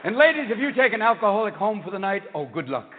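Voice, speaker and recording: A man doing a manic stand-up comedy routine, firing off jokes and bursting into shouted voices. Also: high-pitched, very animated, quick pace, slight background noise. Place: large live venue. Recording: tinny, echoey live hall recording.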